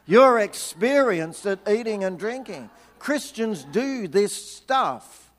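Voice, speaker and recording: An older preacher tells a story in his sermon, joking dryly as he goes. His voice sits high for a man and he takes his time. The sound rings with the long reverb of a church hall. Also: expressive, takes it slowly. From Tasmania, Australia. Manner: chatty and humorous, with wry asides. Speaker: visiting preacher.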